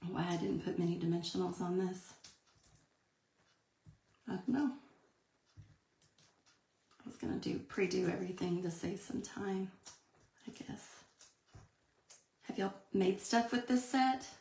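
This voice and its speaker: A woman's voice: lowish voice, a little slow, gravelly, pauses often, dark tone. A woman, chatting through a live card-making demonstration and answering viewer comments. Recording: echoey room.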